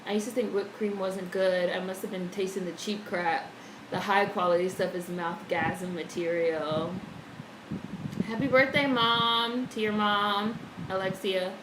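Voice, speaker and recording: A woman's voice: medium pitch, steady tone, unhurried. Chatty woman streamer in echoey room. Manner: chatty, swears freely, reads chat aloud. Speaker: live streamer. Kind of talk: casual live stream chat. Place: home room, indoors. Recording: echoey room with faint background noise.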